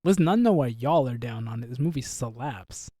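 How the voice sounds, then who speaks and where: A man's voice: medium pitch, animated, brisk, warm tone, dry recording, clean studio sound. A man co-hosting a casual movie review podcast, enthusiastic and slangy. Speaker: podcast co-host.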